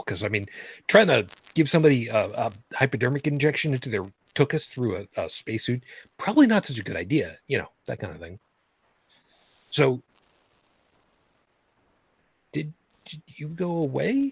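A man with a husky, slightly breathy voice hosts a casual live-streamed talk about space. He rambles and restarts his sentences, and his voice sits close and dry on the microphone with no room sound. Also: mid-range voice, no echo. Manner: rambling, halting, with many fillers and restarts. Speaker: podcast host.

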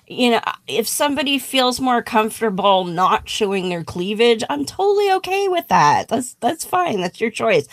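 Female co-host, slow, lively pitch, blunt and sweary, dry mic. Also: no room sound. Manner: blunt, outspoken, swears freely. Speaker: podcast co-host. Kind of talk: casual panel discussion.

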